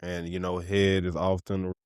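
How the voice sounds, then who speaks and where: A man's voice: sits low, level tone, brisk, a little mellow, clear, resonant tone, no echo, studio quality. A man co-hosting a podcast with a laid-back, teasing way of talking. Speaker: podcast co-host. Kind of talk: casual banter.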